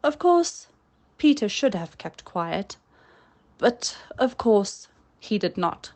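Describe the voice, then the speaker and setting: A woman reading a storybook aloud in a measured narrating style. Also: medium pitch, very animated, a little mellow. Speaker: audiobook reader.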